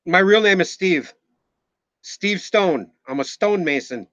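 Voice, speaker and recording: Speaking with a high, expressive, bright, and forceful voice at a slightly slow pace, this forties-aged man from Minnesota rambles and jokes on a live stream. He swears now and then and shouts out viewers by name. The dry recording sounds a bit muffled and dull.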